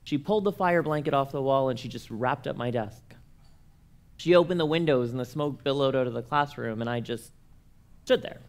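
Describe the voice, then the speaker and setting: Brisk and medium in pitch, a young man from Canada addresses a church conference audience with a story from his own life. He brings it to life animatedly, doing the voices of everyone he quotes.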